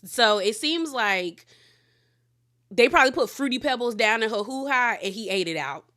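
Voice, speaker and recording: A woman's voice: on the high side, normal speed. A woman giving a casual recap of a reality show, chatty and frank, airing blunt opinions and talking back to the cast. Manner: animated, talks back to the cast. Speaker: reality TV reviewer.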